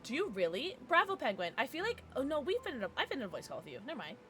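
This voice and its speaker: A woman's voice: sits high, huge pitch swings, racing, fairly bright tone. A woman streamer chatting casually with her live viewers, giggling often as she reacts to the chat.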